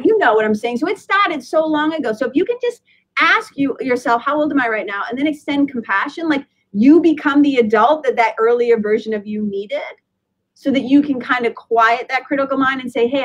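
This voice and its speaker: A woman's voice: high voice, fairly quick, muffled recording. A woman in her fifties, a spiritual teacher speaking as a guest in a podcast interview, earnest and reflective, often laughing and restarting phrases. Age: 50s.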